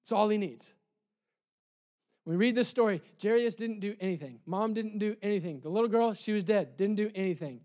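A man preaching a sermon in church, impassioned and repetitive, dropping soft for emphasis. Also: high-pitched, normal speed. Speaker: pastor.

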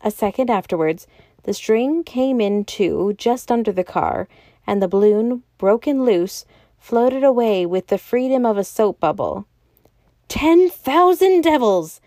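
Lady narrating an old novel for a podcast, warm mellow tone, dry close sound. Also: medium pitch, a little slow, no echo. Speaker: podcast storyteller. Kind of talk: scripted narration of a classic novel.

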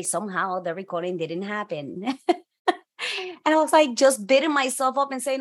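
Woman host, slightly high pitch, casual, laughs often, self-deprecating. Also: normal speed. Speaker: podcast host. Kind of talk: casual interview chat.

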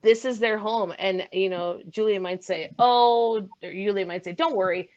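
Lively woman guest, slightly muffled. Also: mid-range voice, normal speed. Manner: lively, laughs often. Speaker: guest, PA announcer. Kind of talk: casual chat.

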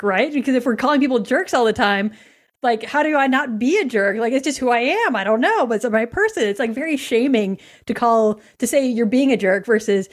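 Brief: woman podcast host, chatty coach, slightly high voice, animated. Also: a little fast. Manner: chatty, animated, acts out quotes in a higher voice. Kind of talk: casual podcast conversation.

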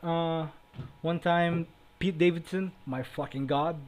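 A man's voice: fairly high pitch, steady tone, takes it slowly, darkish tone, rough recording. A young man co-hosting a podcast, swearing constantly, joking crudely and laughing at himself. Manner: profane, joking, self-deprecating, laughs often. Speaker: podcast co-host. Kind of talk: casual crude chat. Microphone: remote call, cutting in and out.

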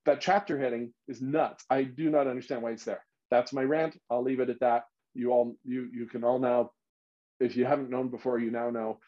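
A man's voice: medium pitch, flat delivery, normal speed, dark tone. A man leading a casual Bible study, talking emphatically and thinking aloud as he explains. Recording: slightly dull lo-fi recording.

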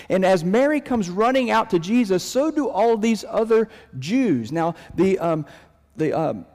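A pastor preaching in a reverberant hall. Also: male voice. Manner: dynamic delivery, swinging from raised emphasis to near-hushed lows. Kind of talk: sermon.

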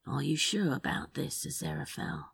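A woman doing a soft, wry laid-back man. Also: low voice, measured pace, vocal fry, no room sound, studio quality, exaggerated voice. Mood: quiet.

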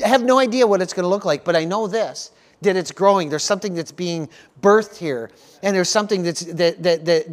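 A male pastor preaching a sermon at a church service, earnest and repetitive, often stopping to ask the congregation for an amen. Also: high-pitched. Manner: earnest preaching, frequent call-outs for "amen", repeats words.

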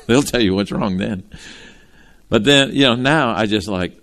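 A man preaching a sermon from Ohio, animated and folksy, calling out to his congregation. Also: on the low side, a little slow, pauses often. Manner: animated, talks straight to the congregation with folksy asides. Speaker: pastor.

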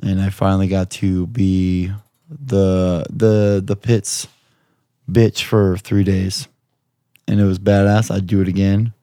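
A man's voice: low-pitched, little pitch movement, slow, mellow, dry recording, clean studio sound. A young man chatting casually about his job, laid-back and rambling, swearing freely. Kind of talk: casual chat.

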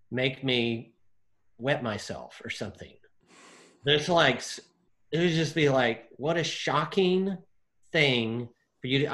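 A man discussing a Bible passage in casual chat, animated, acting out the figures' lines with lots of fillers. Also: a little high. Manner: animated, acts out quotes, many fillers.

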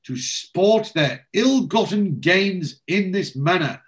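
A man's voice: high-pitched, animated, slow pace, voice pushed up. A man voicing a pompous, timid middle-aged husband in a retelling.

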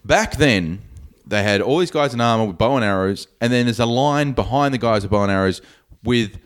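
A man's voice: medium pitch, animated, a little fast, smooth. A man hosting a podcast, casually retelling movie scenes and acting out lines. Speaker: podcast host. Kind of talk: casual movie recap chat.

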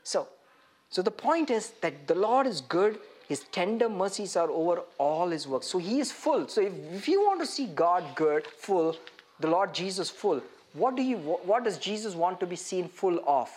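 Animated preacher quizzing his listeners. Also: high-pitched, moderate pace. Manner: animated, questioning the listeners directly. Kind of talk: interactive sermon teaching.

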